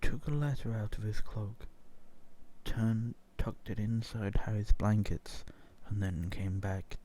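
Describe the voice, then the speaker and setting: Low, slow, dry-voiced man, soft and half-whispered for an ASMR story reading. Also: steady tone. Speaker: reader.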